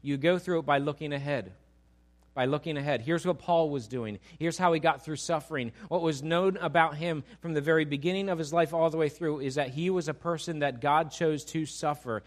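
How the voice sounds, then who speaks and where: A man preaching a sermon with a somewhat high voice. He asks the congregation questions and builds to emphatic, animated peaks. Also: moderate pace. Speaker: pastor.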